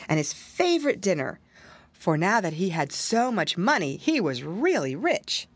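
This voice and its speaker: A woman reading a fairy tale aloud, expressive storytelling with dramatic exclamations. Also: fairly low pitch, dry recording.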